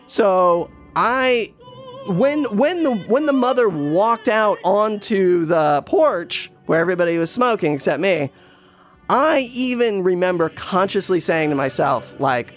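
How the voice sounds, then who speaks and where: A man's voice: high voice, expressive, slow, faint music behind. A man telling a rambling, self-deprecating personal story in a casual way, with many restarts and some swearing. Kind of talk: casual spoken anecdote.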